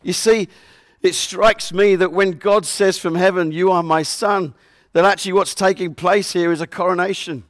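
A man delivers a sermon in an earnest, fairly high voice with a steady tone and moderate pace. He repeatedly circles back to Bible verses, saying them again to drive them home. It's a close, dry recording with no echo from the room.

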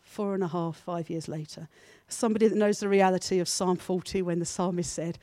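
A woman's voice: on the low side, fairly even intonation, fairly quick, dry recording. A woman preaching a sermon to her church in an earnest, personal way. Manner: earnest, builds from soft confessional to emphatic.

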